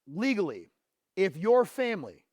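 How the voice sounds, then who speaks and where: A man with a high voice gives a motivational keynote on a conference stage. He mixes confessional stories with direct questions to the audience. The sound is close and dry, and his voice sinks low on painful moments and climbs when he pushes the crowd. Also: very animated, unhurried, no room sound. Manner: drops low and quiet on painful memories, rises and speeds up when fired up. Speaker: motivational speaker.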